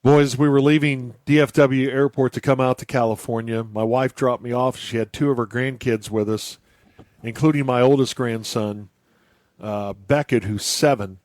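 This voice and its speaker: An older man hosts a casual podcast conversation, speaking at an ordinary middle pitch. He tells stories with an easy, laughing manner. The sound is dry and close, with no room echo. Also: fairly even intonation, moderate pace, a little mellow. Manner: laughs often, chatty storytelling. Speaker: podcast host. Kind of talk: casual chat.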